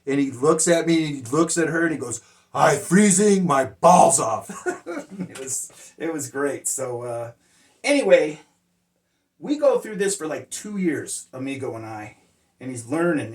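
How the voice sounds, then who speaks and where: A man recounts his life lessons in a loose, rambling style, full of filler words and blunt, salty talk. His voice sits a touch higher than most men's. He sounds set back from the microphone in an echoey room. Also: expressive, normal speed. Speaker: motivational speaker sharing life lessons. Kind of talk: casual personal storytelling. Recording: roomy sound, distant mic.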